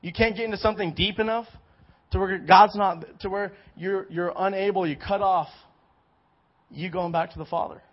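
Young male preacher, casual storytelling, high voice, muffled lo-fi sound. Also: moderate pace. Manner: animated, storytelling, many restarts. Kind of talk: casual sermon with personal story. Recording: dull lo-fi recording.

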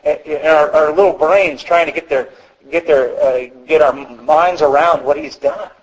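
A man's voice: on the high side, normal speed, rough recording. A man preaching a sermon as pastor, teaching earnestly and repeating key phrases for emphasis.

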